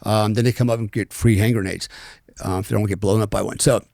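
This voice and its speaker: A man's voice: lowish voice, fairly even intonation, fast, gravelly, a little mellow, no room sound. Middle-aged American man, ex-soldier guest, candid rambling storyteller, dry close mic. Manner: frank, rambling, many fillers and restarts. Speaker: former special forces soldier, podcast guest. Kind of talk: storytelling in a conversational interview.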